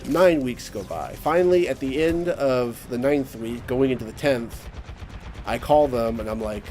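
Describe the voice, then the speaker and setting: A young man ranting to his camera in a casual vlog, his voice sitting at an ordinary middle pitch. He sounds exasperated and sarcastic, and he slips into mocking voices whenever he quotes someone. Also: unhurried, darkish tone, slight background noise. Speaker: vlogger. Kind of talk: casual rant.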